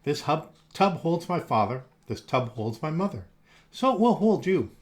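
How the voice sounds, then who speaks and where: Man plays excitable young boy in a storybook, pleading, lively up-and-down delivery. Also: moderate pace. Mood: anxious. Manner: excited, pleading, higher-pitched. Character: eager young boy, fish owner, panicky. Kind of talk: children's storybook reading.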